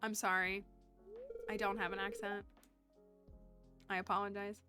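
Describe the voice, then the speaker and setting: A woman's voice: medium pitch, level tone, measured pace, pauses often, over music. A woman streamer giving chatty live commentary while reading game dialogue aloud. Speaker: gaming streamer.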